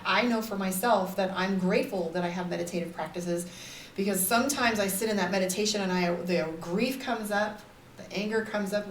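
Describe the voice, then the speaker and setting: A woman's voice: mid-range voice, a little hiss or hum. Candid woman live-streaming in an echoey room. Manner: candid, rambling, frequent "like" and "right?". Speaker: psychic and life coach hosting a live stream. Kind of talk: casual live-stream talk to viewers. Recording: roomy echo, somewhat far from the mic.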